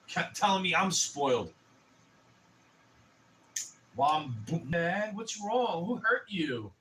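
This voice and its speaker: A man's voice: fairly high pitch, a bit bright, a little hiss or hum. Ranting young man, distant mic. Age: 20s. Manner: profane, heated ranting. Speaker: streamer. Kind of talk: casual livestream rant.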